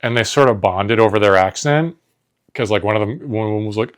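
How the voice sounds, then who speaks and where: A man from New Jersey, co-hosting a podcast and telling stories in a relaxed, rambling way full of "like.". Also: on the low side, fast. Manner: rambling, relaxed storytelling with frequent "like". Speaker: podcast co-host. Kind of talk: casual chat.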